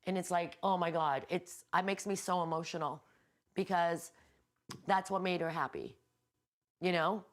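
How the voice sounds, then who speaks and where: A woman healer and yoga instructor leading a casual guided meditation class from a hotel room, talking in a relaxed, rambling and candid way with the odd swear word. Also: lowish voice, moderate pace, long pauses.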